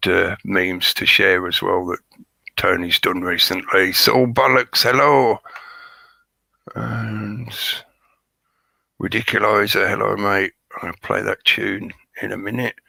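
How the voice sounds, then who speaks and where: A man hosting a live stream, his voice hoarse and crackly as he chats and jokes with viewers by name. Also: on the low side, bright, forceful tone, no room sound. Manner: chatty, joking, greets viewers by name. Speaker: livestream host. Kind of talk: rambling live-stream chat.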